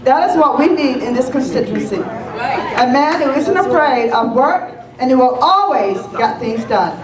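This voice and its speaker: A middle-aged woman with a high voice delivers an earnest, proud prepared speech. She is heard from a distance in an echoey hall with a crowd around. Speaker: candidate's mother giving a speech.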